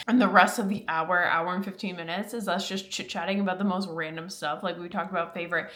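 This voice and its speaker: A woman's voice: on the low side, brisk, few pauses, no echo. Gushing, chatty young woman. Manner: gushing and animated, heavy use of "like". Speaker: book review creator. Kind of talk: casual chat to camera.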